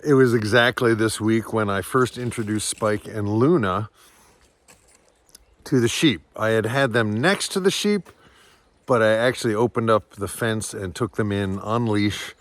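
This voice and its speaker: Slow-talking farmer vlogging outdoors. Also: male voice, lowish voice, fairly bright tone. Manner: slow, fond baby talk to his animals, chuckling often. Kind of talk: casual vlog narration. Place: outdoors on a farm among animals.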